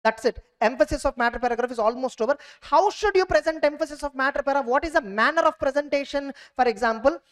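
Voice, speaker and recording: A high-voiced man teaching an audit exam revision class at a brisk clip. He drills each point with repetition and keeps asking students if they are clear. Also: fairly bright tone.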